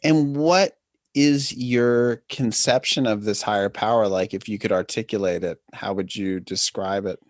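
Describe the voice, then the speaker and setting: A man hosting an interview, mostly giving short affirmations and asking gentle questions. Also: fairly low pitch, steady tone. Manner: soft-spoken, brief affirmations, slow questions. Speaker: podcast host.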